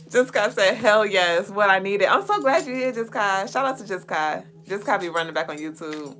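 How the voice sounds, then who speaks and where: A woman's voice: mid-range voice, lively intonation, normal speed, fairly bright tone. A woman hosting a casual livestream, reading viewer comments and laughing often. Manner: playful, laughs often, sings along and leads the chat. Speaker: livestream co-host.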